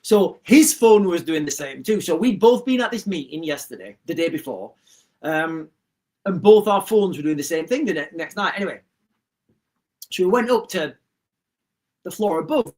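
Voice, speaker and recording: Man, middle-aged, livestream host, rambling anecdote, lots of restarts, animated up-and-down voice. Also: fairly high pitch, moderate pace, pauses often. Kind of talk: casual storytelling to a live chat.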